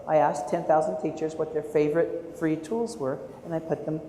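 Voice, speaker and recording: A man in his forties giving a keynote talk to teachers, telling his story with animated, self-mocking humor. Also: fairly high pitch, moderate pace. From United States. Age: 40s. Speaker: keynote speaker and art educator. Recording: echoey hall, faint room noise.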